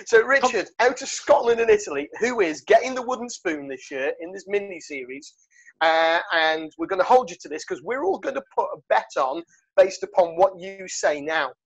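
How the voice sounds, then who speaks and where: A man's voice: high voice, lively intonation, normal speed, gravelly. A man hosting a rugby podcast, joking and rambling with lots of fillers. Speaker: podcast host. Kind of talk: casual rugby chat. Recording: dull lo-fi sound.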